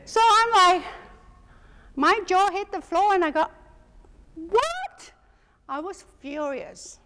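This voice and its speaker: A middle-aged woman teaching a class as a hypnotherapy instructor, telling lively stories and laughing often. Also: very high-pitched, measured pace. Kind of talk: storytelling lecture to a class. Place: teaching room with an audience. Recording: long hall reverb.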